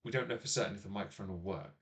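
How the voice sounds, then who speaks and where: A man from England hosts a casual live stream from a small home office, speaking through a laptop microphone. His voice sits a little low, and he rambles with plenty of ums and uhs while teasing his co-host. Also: very fast, fairly bright tone. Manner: rambling, filler-heavy, teasing.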